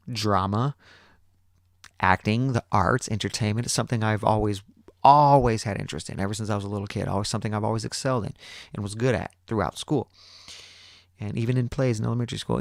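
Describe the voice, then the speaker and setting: A man's voice: fairly low pitch, creaky, dry recording, studio quality. A man in his thirties hosting a podcast, telling a rambling, profane story with frequent restarts. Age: 30s. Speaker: podcast host. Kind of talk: casual storytelling.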